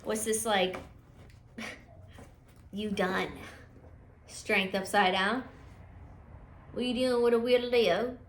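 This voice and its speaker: Woman, tarot reader, casual chatty reading, mid-pitched voice, faint background hiss. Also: steady tone, slow, long pauses. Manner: chatty, thinks aloud, frequent fillers and restarts.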